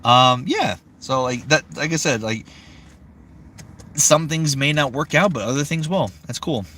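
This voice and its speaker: A young man, a voice actor, chatting casually on a live stream, rambling and excitable, swearing freely. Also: medium pitch, a little slow, a little hiss or hum. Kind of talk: casual livestream chat.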